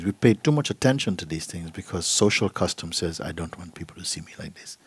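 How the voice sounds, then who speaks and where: A middle-aged man, a spiritual teacher, giving a gentle, unhurried talk and acting out voices in his stories. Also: low-pitched, breathy edge. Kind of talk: satsang talk, storytelling. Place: gathering hall.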